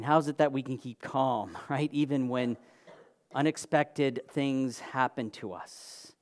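A man delivering a sermon in an earnest, emphatic way, stacking phrases into lists and lifting his voice for stress. He sometimes pauses with fillers and restarts a phrase. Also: medium pitch, steady tone. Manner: occasional fillers and restarts, clears throat. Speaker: preacher.

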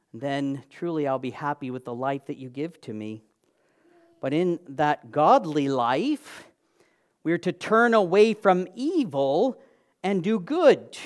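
Guy preaching, earnest, piles up phrases for emphasis. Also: fairly high pitch. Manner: earnest, emphatic lists, rising for stress; occasional fillers and restarts, clears throat. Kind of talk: sermon.

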